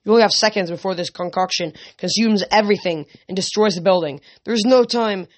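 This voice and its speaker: A vengeful ancient sorceress, put on by a reader, sneers and threatens in a raised, theatrical voice. She sounds higher and louder than the narration around her. Her manner is haughty and scheming. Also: brisk, close to an everyday voice. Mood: shrill. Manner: theatrical, mocking, then shrill and threatening. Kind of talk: audiobook reading.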